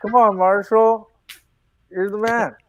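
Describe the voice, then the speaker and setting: High-pitched excitable guest man. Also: slow, a crowd in the background. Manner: excitable, eager, repeats himself. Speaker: band member guest. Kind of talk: casual podcast chat.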